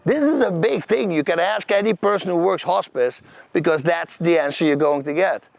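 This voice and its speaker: Animated Dutch man telling stories. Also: high-pitched, normal speed, gravelly, no echo. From Netherlands. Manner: animated, vivid, acts out scenes and quotes; loose, non-native grammar. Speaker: channel host. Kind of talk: personal storytelling monologue.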